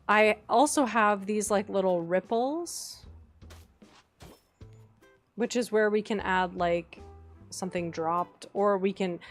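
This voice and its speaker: Bubbly gushing woman game streamer. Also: mid-range voice. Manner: gushing, bubbly, squeals when excited. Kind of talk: casual live-stream chat while decorating in a game.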